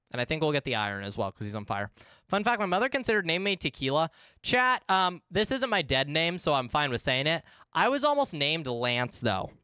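A woman in her twenties, chatting casually and excitably with viewers while streaming a game, swearing freely. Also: sits low, clear, resonant tone, dry recording, clean studio sound. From United States. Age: 20s. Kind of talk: casual live-stream chat.

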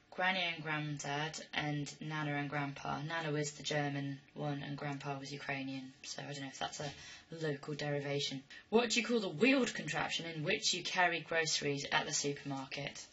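A woman's voice: low voice, fairly even intonation, fairly quick, a bit bright. A young woman, chatting casually to camera and reading a word list with dry, self-mocking humor. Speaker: vlogger. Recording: dull lo-fi webcam audio.

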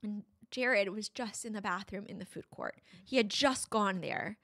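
Bright-voiced young mom telling a tale. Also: female voice, medium pitch, moderate pace, hardly any pauses. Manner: breathless, vivid retelling with many "like"s. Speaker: podcast guest. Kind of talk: emotional personal storytelling.

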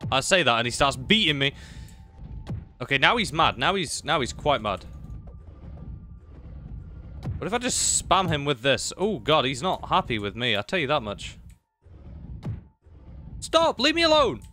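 Excitable man commentating gameplay. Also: moderate pace, soft background music. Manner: excitable, talks to enemies and pets, swings from low mutters to high exclamations. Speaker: gaming YouTuber.

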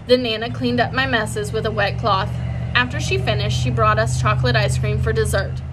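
A woman reading a children's chapter book aloud in a lively, expressive way. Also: fairly high pitch, moderate pace, slight background noise. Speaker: audiobook reader. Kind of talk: storybook read-aloud.

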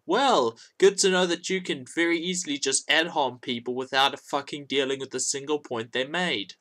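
A man's voice: on the high side, moderate pace, fairly bright tone. A man commenting on another creator's video with mocking sarcasm and frequent swearing. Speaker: YouTube commentator.

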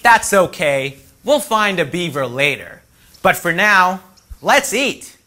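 A man's voice: sits high, very animated, slow pace, pushed and bright. A man hosting a preschool educational show, upbeat and playful, talking directly to young viewers and acting out animals. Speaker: children's show host. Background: music.

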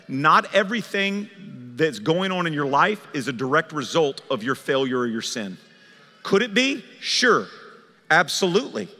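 A man's voice: fairly high pitch, pushed and bright. A man preaching a sermon as a pastor, conversational and emphatic, pushing his voice up for key points in a large church sanctuary. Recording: long church hall reverb.

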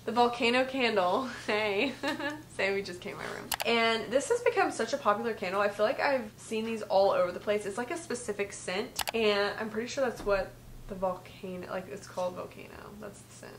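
A woman's voice: medium pitch, fairly quick, background noise. A young woman in her twenties chatting casually in a gift-guide vlog from her bedroom, saying "like" a lot. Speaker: vlogger. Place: bedroom at home. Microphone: vlog camera.

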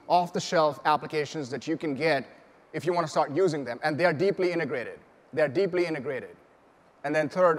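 Man giving a keynote in a reverberant hall. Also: fairly high pitch. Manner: earnest, explanatory, with frequent fillers and restarts. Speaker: keynote speaker. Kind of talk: conference keynote presentation. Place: large conference hall.

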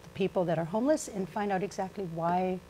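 A woman's voice: lowish voice, fast, warm tone, a little hiss or hum. A woman from Guam, a senator running again, answering panel questions hesitantly while searching for words. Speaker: senator and candidate.

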